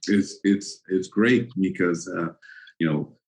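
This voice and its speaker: A man's voice: low voice, steady tone, slow, a little mellow, low-quality recording. A man in his sixties, a former football player, telling stories as a guest in a casual interview, laughing often and acting out his anecdotes.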